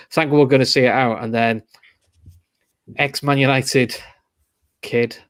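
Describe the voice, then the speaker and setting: A man's voice: medium pitch, unhurried, long pauses, no room sound. A young man with a Liverpool accent tells football stories on a casual podcast. He talks in a middle register and acts out how people reacted as he goes. The sound is close and dry, with no room around it. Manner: animated storytelling, acts out reactions. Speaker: podcast host.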